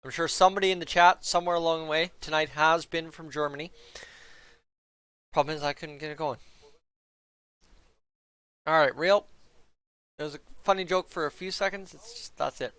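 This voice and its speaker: A man hosts a casual live stream for hockey fans, rambling to his chat and tripping over hard names. His voice is bright and crisp, a little high for a man. He talks into a headset mic, close and dry. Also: moderate pace, pauses often, no room sound. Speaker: fan streamer reacting to a hockey game. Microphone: headset mic he flips up to mute.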